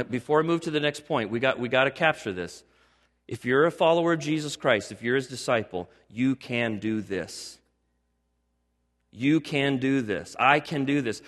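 An older man, a pastor, preaching a sermon with animated storytelling that builds to emphatic exhortation. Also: mid-range voice, long reverb tail.

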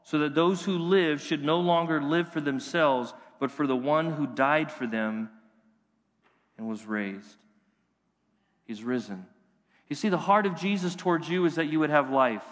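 A man's voice: on the high side, measured pace. Impassioned male pastor in a reverberant church. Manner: impassioned preaching, rising and dropping to hushed lines. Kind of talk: sermon. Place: church sanctuary.

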